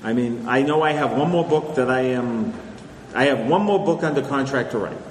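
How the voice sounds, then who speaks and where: A male author fields audience questions at a live Q&A in a large hall, speaking in a conversational, lecturing way and often checking in with "okay?" His voice is mid-range and his speed normal. The hall sounds echoey, with faint noise.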